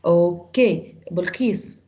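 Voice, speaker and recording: A woman teaching an English grammar class online, explaining with slow example sentences and quizzing students. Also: fairly low pitch, mellow.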